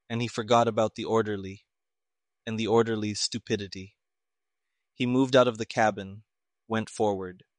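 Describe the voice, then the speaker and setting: A man narrating a mystery story in an even, measured reading. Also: on the low side, dry recording, clean studio sound. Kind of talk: audiobook narration of a pulp mystery.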